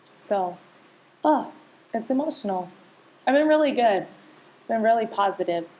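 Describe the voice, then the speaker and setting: A woman's voice: a little high, animated, normal speed, dark tone. A woman co-hosting a podcast, talking candidly and emotionally in casual chat with many restarts. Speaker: podcast co-host.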